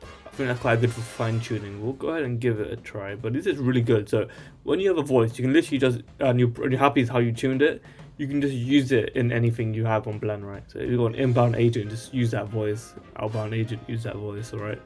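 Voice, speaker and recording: A man's voice: medium pitch, steady tone, fast, a little mellow, soft background music. Rambling man walking through a tutorial. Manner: rambling, tags lines with "alright?". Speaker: tech tutorial host. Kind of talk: casual screen-share tutorial.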